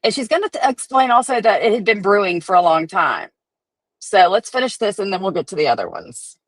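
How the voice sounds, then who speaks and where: A woman's voice: mid-range voice, big pitch swings, brisk, dry recording, low-quality recording. A woman hosting a profane, chatty commentary stream. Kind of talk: casual gossip commentary.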